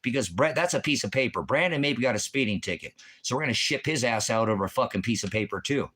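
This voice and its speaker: A man's voice: mid-range voice, animated, fast talker, fairly bright tone, breathy edge. A man hosting a livestream, angrily berating commenters with constant profanity in a heated, combative rant. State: agitated. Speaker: livestream host answering chat.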